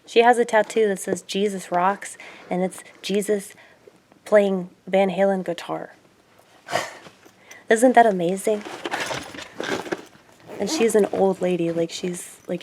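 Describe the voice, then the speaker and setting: Woman vlogger, mid pitch, rambling and giggly, faint noise behind. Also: steady tone, a little slow, long pauses. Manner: rambling, laughing often, drifting from loud to murmured. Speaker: YouTuber. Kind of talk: casual vlog chat.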